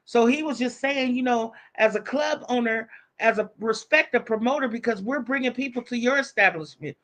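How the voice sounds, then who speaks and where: A woman's voice: a little high, fast, a bit bright. A woman live streamer telling a story in casual, profane talk, acting out the voices of the people she quotes.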